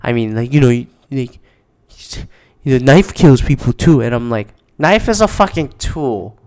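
A man's voice: medium pitch, expressive, unhurried, a little mellow. A man in a casual, rambling monologue, exasperated and swearing often.

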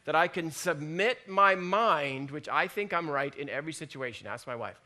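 Folksy joking preacher, high and bright. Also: male voice, lively intonation, moderate pace. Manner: folksy, joking, acts out inner voices. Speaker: pastor. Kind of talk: conversational sermon.

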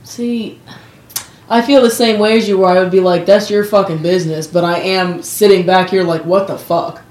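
A woman's voice: mid-range voice, steady tone, normal speed, darkish tone. Blunt, swearing woman in an echoey room. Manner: blunt, swears freely, laughs at herself. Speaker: podcast co-host. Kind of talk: casual chat.

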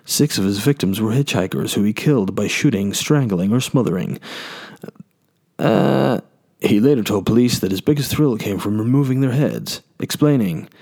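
With a warm, lowish voice, a young man hosts a podcast where he jokes around and rambles through crude stories.

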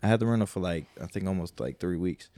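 Low-voiced man telling a rambling story. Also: lively intonation, fast, dark tone, dry recording. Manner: rambling, profane, quotes people mid-story. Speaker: podcast co-host. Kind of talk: casual storytelling.

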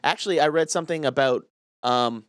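Southern guy on a podcast, cussing a lot, bit higher voice, super dry mic. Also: brisk, no echo. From American South. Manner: profane, animated storytelling with quoted voices. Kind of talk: casual podcast chat.

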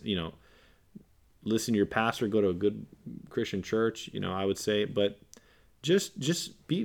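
A man's voice: on the low side, creaky, a little mellow. A man talking as a podcast guest, earnest and preachy, repeating phrases for emphasis and acting out quoted lines. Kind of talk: casual podcast discussion.

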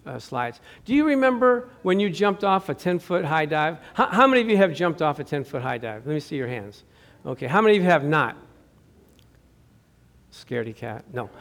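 A man preaching a sermon as pastor, telling stories with acted-out quotes and putting questions to the congregation. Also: high-pitched. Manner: lively storytelling with acted-out quotes, asks the audience questions.

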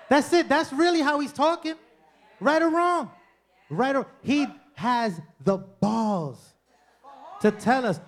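A man doing a stand-up comedy set in a club, loud and profane, working the crowd and mocking people with impressions. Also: very high-pitched, lively intonation, slow.

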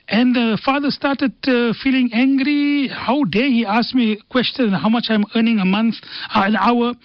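A man's voice: high voice, no echo. A man speaking as a radio guest, telling stories and quoting Arabic sayings in an earnest talk on faith and family. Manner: earnest storytelling with Arabic quotations. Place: radio studio. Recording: dull dry radio studio sound.

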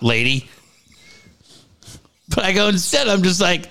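A man's voice: sits high, big pitch swings, moderate pace, pauses often, pushed and bright. A middle-aged man telling a story in casual chat, jumping into the voices of the people he quotes.

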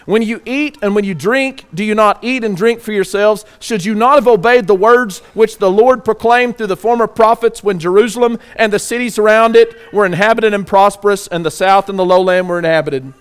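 Pastor with a high voice, preaching and questioning his listeners. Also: smooth. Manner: reads scripture aloud slowly. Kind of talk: sermon.

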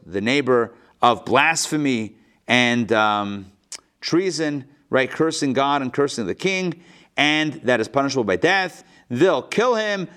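A rabbi teaching a live class, reading a text aloud and explaining it in a lively, playful way, acting out the quotes. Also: male voice, medium pitch. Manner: lively, acts out the quotes with playful modern paraphrase.

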